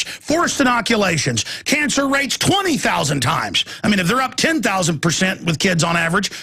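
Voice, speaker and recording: A man rants through a talk radio monologue, his voice pitched high and a little husky. He pushes hard with a sharp, forceful edge, repeating phrases and stumbling into restarts. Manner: intense and ranting, with repeated phrases and stammered restarts.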